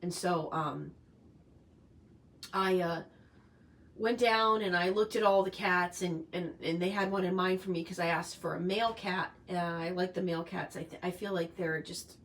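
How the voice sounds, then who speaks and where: A middle-aged woman talks casually to viewers on a live stream. Her voice sits a little low, and she rambles emotionally through many fillers and restarts. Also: moderate pace, a bit bright.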